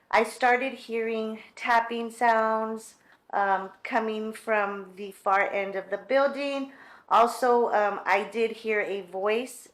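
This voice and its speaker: Woman, paranormal investigator host, calm, casual, hesitant fillers. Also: medium pitch. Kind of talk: casual interview and explanation.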